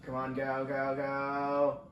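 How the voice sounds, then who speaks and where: A man's voice: mid-range voice, completely flat delivery, takes it slowly, muffled recording, a little hiss or hum. A young man casually rambling as he plays a racing game for his channel, reacting to the action as it happens. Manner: rambling, chatty, reacting to gameplay. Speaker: gaming channel host. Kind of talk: casual let's-play commentary. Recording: roomy, distant mic with faint ambience.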